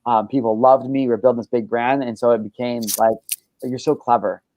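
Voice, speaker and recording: A man's voice: mid-range voice, level tone, fast, lo-fi sound. A man hosting a casual podcast, talking in a brash, boastful and profane way. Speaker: podcast host.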